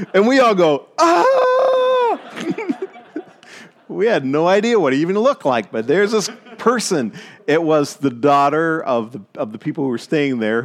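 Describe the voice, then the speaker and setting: Middle-aged male pastor from Maritime Canada, mid-pitched voice, storytelling sermon with repeated emphatic phrases.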